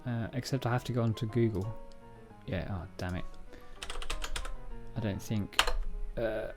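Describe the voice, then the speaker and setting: A man's voice: lowish voice, measured pace, loud music behind the voice. A man casually walking through a programming book on a live stream, rambling, joking at himself and stumbling over words. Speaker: livestreamer reading a programming book. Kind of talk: casual live-coding walkthrough.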